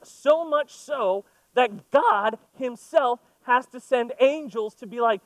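A man with a high voice preaches to his congregation. He reads scripture, then talks through it loosely and playfully. His voice is recorded close and dry. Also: measured pace, few pauses, no echo, poor audio. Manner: conversational, playful asides. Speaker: pastor. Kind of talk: sermon with scripture reading.

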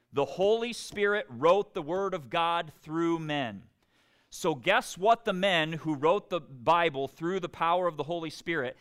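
A man's voice: fairly high pitch, a bit bright, clean tone. A man preaching a sermon as pastor, talking in a conversational way and often putting questions to his listeners. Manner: conversational, asks the congregation questions.

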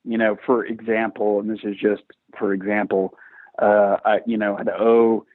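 A man guest in an interview, telling his story in a lively, self-mocking, chatty way. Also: fairly low pitch, normal speed. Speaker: guest entrepreneur. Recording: tinny phone-like line, dry.

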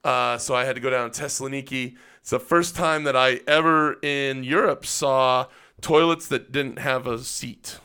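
Bright-voiced man telling profane stories. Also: medium pitch, fairly even intonation, normal speed, clear, resonant tone. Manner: profane, laughing storyteller. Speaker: co-host. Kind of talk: casual storytelling chat.

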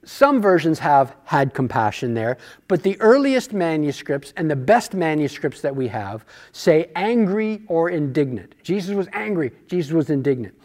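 Male Bible study teacher, high pitch, conversational, rhetorical questions. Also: big pitch swings, normal speed, a little mellow.

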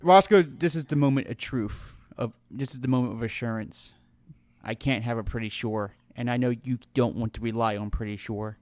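A man's voice: mid-range voice, moderate pace, no room sound, natural voice. Roscoe, a sighing unsure adventurer, voiced by a man. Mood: earnest. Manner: quiet, sighing, earnest. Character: weary, unsure young male adventurer.

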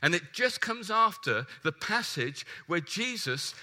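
Bright, forceful male preacher. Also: high voice, a little slow. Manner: animated, emphatic, asks the congregation questions. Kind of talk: sermon.

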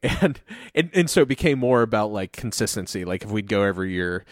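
A man's voice: lowish voice, animated, fairly quick, no echo, clean studio sound. A man from Ohio chatting casually as a podcast co-host, rambling with lots of fillers and laughing often. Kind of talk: casual conversation.

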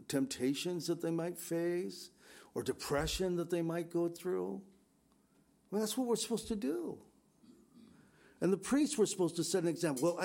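A man's voice: fairly high pitch, a little mellow. Earnest older man preaching. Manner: earnest, exhorting. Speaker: pastor. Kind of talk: conversational sermon.

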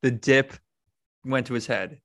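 A man's voice: mid-range voice, unhurried, a bit bright, no room sound, studio quality. Man hosting a casual football chat. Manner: laughs often, rambling with restarts.

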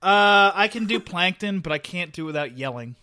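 A man's voice: sits high, animated, fairly quick, bright, forceful tone. A man co-hosting a casual chat podcast, bantering in a wry, playfully contrary way. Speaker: podcast co-host.

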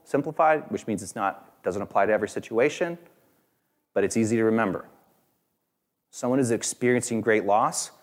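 A man preaching a sermon in a conversational, halting way with many fillers, lifting his voice when he quotes other people. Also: fairly low pitch. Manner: voice rises and grows louder when quoting others. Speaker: pastor.

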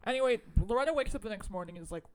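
A woman co-hosting a podcast, telling a film's plot in rambling, animated casual chat. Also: a little high, racing. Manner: rambling and animated, lots of fillers, swears. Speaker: podcast co-host. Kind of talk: casual chat recapping a film.

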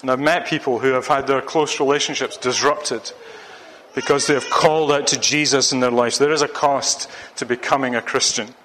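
A man's voice: mid-range voice, fairly even intonation, normal speed, fairly bright tone, slight background noise. A man from Scotland preaching a sermon, earnest and urging, repeating phrases for emphasis. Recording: long hall reverb.

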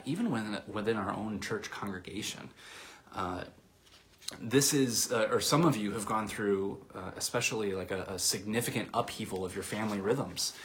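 A man with a lowish voice preaches a sermon in a loose, conversational way. He fills his sentences with little hesitations and restarts, and his voice sometimes sinks to a soft near-whisper. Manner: conversational, with many fillers and restarts. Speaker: pastor.

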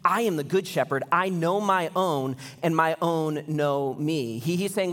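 A young man preaching a sermon as pastor, animated and building to intense emphasis. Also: a little high, a little slow, few pauses. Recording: long reverb of a large hall.

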